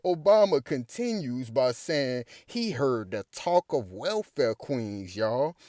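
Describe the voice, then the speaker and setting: A man talks straight to his listeners in a preachy political commentary, asking again and again whether they understand him. His voice is mid-pitched and sits dry and close to the mic, with no room sound. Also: very animated, slow, dark tone, no room sound. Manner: preachy, rhetorical, keeps asking "you understand me"; reads quotes aloud, then rises to emphatic indignation. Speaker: commentary host.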